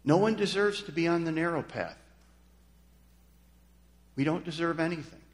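A male pastor preaching a sermon, swinging from quiet, low passages to loud, emphatic declarations. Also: expressive, unhurried, pauses often. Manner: emphatic preaching, voice dropping soft then rising loud. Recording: long hall reverb.

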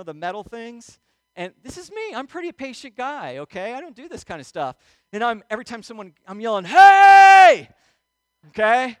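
A middle-aged male pastor telling a personal story in a sermon, animated and acting out moments, often checking in with "okay?". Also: high voice, no room sound. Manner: animated storyteller, acts out yelling, frequent "okay?" check-ins.

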